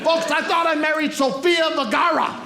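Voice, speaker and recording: Gravelly and very high-pitched, the man's voice holds a steady tone at a moderate pace. He's doing stand-up at a comedy club, teasing the live crowd and addressing them head-on. The roomy recording has audience laughter and background noise.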